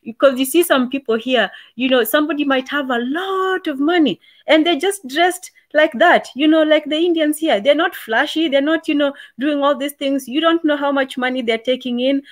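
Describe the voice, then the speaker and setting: Kenyan lady on a podcast, talky, restarts a lot, slightly high voice. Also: normal speed, hardly any pauses. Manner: chatty, laughs often, rambling restarts. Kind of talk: casual panel chat.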